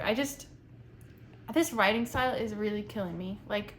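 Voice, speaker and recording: A young woman reviewing a book in a casual, chatty way, nitpicky and animated. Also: medium pitch, moderate pace, a little hiss or hum. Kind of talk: casual chat.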